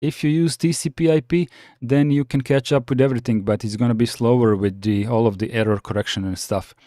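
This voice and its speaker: A man's voice: mid-range voice, fairly quick, mellow, dry recording, clean studio sound. A man from the Balkans hosting a casual live chat, reading viewer comments and answering with many restarts and fillers. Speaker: livestream host reading chat.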